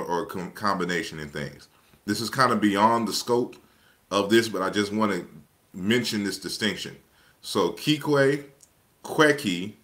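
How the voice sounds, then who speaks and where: A man giving an online lecture that walks through slides in a measured, explanatory way, often pausing and restarting his sentences. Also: lowish voice, a bit bright. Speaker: lecturer presenting his book.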